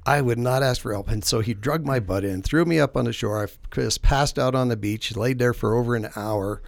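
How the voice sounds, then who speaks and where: A man's voice: medium pitch, a little fast, creaky, no room sound, clean studio sound. A man hosting a casual faith-based podcast, telling rambling, self-deprecating stories. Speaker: podcast host.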